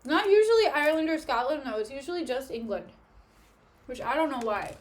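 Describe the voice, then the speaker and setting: Sitting on the floor at home, a young woman livestreamer chats casually with her viewers, cracking jokes and snacking between remarks. Her voice sits high and comes across as animated and brisk.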